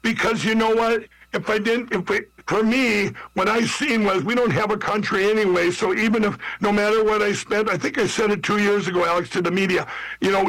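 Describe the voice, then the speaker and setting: A man's voice: high-pitched, steady tone, moderate pace, a bit bright, rough recording. A man from Minnesota talking as a political candidate in an interview, rambling with frequent restarts and often calling out to everybody listening. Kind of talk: interview talk.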